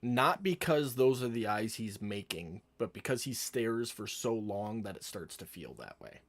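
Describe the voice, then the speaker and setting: A man's voice: lowish voice, very animated, measured pace. A man narrating as dungeon master in a casual tabletop game, laughing often as he talks.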